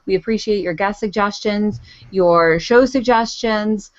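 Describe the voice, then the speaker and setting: A woman's voice: medium pitch, unhurried, no echo, muffled recording. Self-deprecating woman co-hosting a podcast. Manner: self-deprecating, laughs easily. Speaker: co-host. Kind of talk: casual podcast chat.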